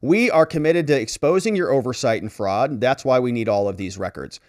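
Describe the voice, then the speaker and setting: A lawyer commentator gives casual legal commentary, sarcastically reading out letters and mocking them in put-on voices as he paraphrases. His medium-pitched voice has lively intonation and runs a little fast. The recording is dry and studio quality.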